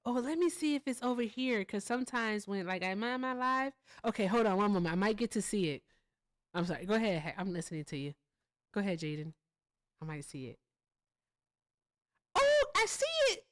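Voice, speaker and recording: A woman's voice: mid-range voice, a little fast. A woman hosting a casual live stream, chatting with viewers and thanking them, sounding tired.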